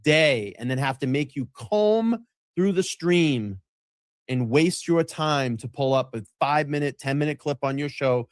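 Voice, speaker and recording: A man's voice: on the high side, animated, unhurried, clear, resonant tone, dry recording, studio quality. A man hosting a live stream, reacting to a clip in a profane, mocking and gleeful way. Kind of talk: casual live-stream commentary.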